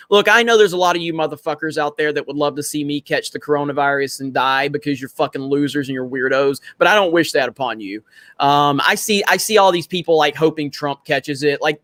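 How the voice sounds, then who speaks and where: A man's voice: a little high, fairly bright tone, no echo. A man hosting a casual livestream from home, reading viewer comments aloud, laughing often and swearing freely. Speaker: livestream host reading chat. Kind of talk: casual live-stream chat. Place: home in Florida.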